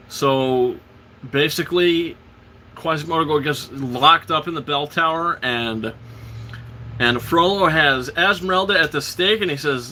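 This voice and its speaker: Host, man, eager rambling film recap; sharp, bright tone, slightly high pitch. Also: slight background noise. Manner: excited, rambling retelling full of fillers and restarts; quotes characters in passing. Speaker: host of a live show. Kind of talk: casual film recap on a livestream.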